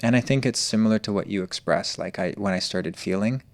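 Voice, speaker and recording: A man's voice: lowish voice, no echo. A man telling his personal story as a podcast guest, earnest and searching. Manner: earnest, open, slow and searching.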